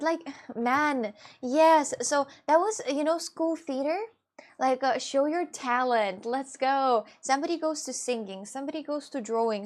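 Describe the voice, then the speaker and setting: A woman with a chatting casually to her viewers, rambling and restarting with many fillers. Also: a little high. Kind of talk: casual chat.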